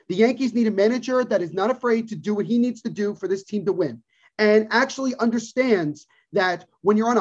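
A man co-hosting a podcast, ranting emphatically about sports and repeating his points for stress. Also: sits high. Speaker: podcast co-host. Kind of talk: casual sports talk, opinionated rant. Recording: dull lo-fi podcast audio.

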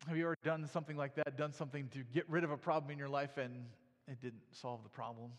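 A man's voice: medium pitch, fairly even intonation, quick pace. A man preaching a sermon, reading scripture aloud and then explaining it in a conversational way, often asking "right?". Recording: long hall reverb.

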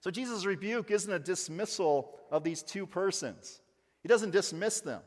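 A male pastor preaching a sermon in a church, emphatic, rising to loud stresses and dropping to quiet asides. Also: sits high, lively intonation, normal speed, big-room sound.

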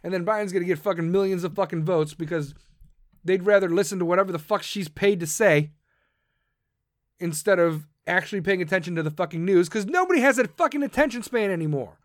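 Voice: mid-range voice, a little fast, no echo, studio quality. Profane, combative podcast ranter. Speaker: podcast host. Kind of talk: political rant.

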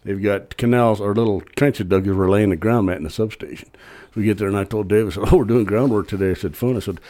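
An older man with a lowish voice tells rambling, folksy stories as a podcast guest. He cusses freely and laughs through his own tales. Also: fast talker, mellow. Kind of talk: casual storytelling.

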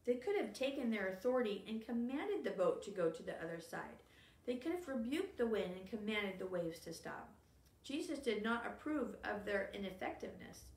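A woman's voice: mid-range voice, sing-song, normal speed. Woman reading a sermon, echoey and distant. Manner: earnest, emphatic reading with occasional slips. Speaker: co-host reading a faith book aloud. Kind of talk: reading aloud and Bible study discussion. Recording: echoey room, voice a bit far from the mic.

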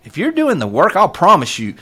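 A man with a Southern US accent tells his story in casual interview chat. His pitch rises and falls widely as he gets going. He talks earnestly and keeps stopping to say um and you know. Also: brisk, slightly rough. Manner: earnest, animated storyteller with many fillers. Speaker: podcast guest.

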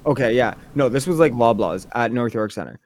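Talking a little fast in a mid-range voice, a man co-hosts a casual podcast chat. He tells lively stories full of swearing and acts out the other people's voices.

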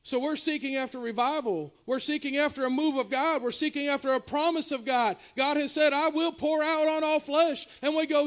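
A man with a very high-pitched voice preaches a revival sermon. He moves between loud, urgent exhortation and soft, confiding asides, talking straight to the congregation like a pastor among friends. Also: fairly even intonation, normal speed, few pauses. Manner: preaching with shifting loudness, from shouting highs to quiet confessional lows. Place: church revival service.

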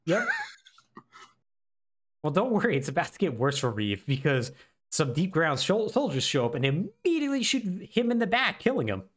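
A man co-hosting a podcast, recapping a game with animated, sarcastic storytelling. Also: a little high, normal speed. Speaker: podcast co-host.

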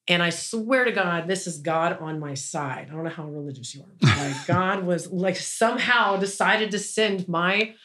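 A woman's voice: fairly low pitch, a bit bright. Woman, business owner, interview guest; loose rambling storyteller, indignant undertone. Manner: rambling, frequent "like" and restarts, indignant.

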